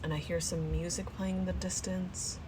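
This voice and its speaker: There's background noise as this woman, whose pitch is fairly low, speaks at a moderate pace. She's vlogging while cooking at home in her small apartment kitchen, rambling easily and musing aloud to the camera.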